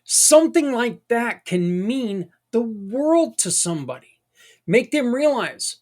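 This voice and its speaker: A man's voice: extremely high pitch, sing-song, slow pace, pauses often, a little mellow. Folksy man hosting a podcast. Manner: conversational, folksy, rambling with asides. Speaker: podcast host. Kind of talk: casual monologue.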